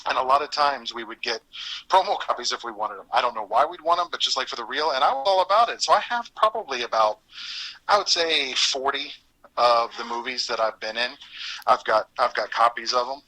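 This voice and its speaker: A man's voice: mid-range voice, a little fast, low-quality recording. A man, a former voice actor, casually telling stories in an interview, laughing often and acting out quoted lines. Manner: animated, laughs often, acts out quoted dialogue.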